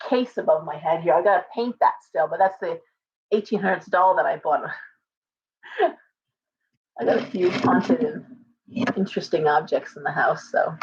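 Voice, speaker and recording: A woman's voice: mid-range voice, darkish tone. A middle-aged woman hosting a casual live chat from home, rambling and greeting viewers by name. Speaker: livestream host. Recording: dull lo-fi livestream audio.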